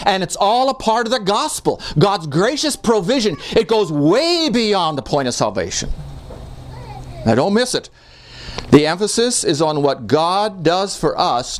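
Male pastor, high voice, very lively pitch, emphatic verse-by-verse preaching. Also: measured pace. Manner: animated preaching with emphatic repetitions. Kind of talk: expository sermon.

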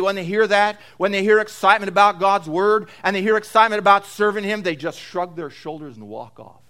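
A man preaching an expository sermon, swinging between loud emphatic stress and low, quiet passages, often repeating phrases for weight.

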